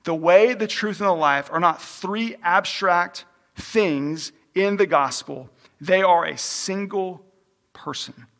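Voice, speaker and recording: A pastor preaching a sermon, emphatic and repeating key phrases for stress. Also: male voice, sits high, takes it slowly, a bit bright, in a large hall.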